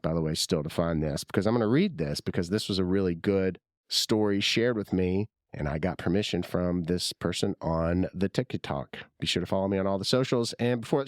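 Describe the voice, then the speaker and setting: A man's voice: deep voice, dry recording, studio quality. A man hosting his own podcast, talking in a rambling, chatty, self-deprecating way while his throat is sore from the flu. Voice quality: husky from illness. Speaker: podcast host. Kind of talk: casual solo podcast monologue.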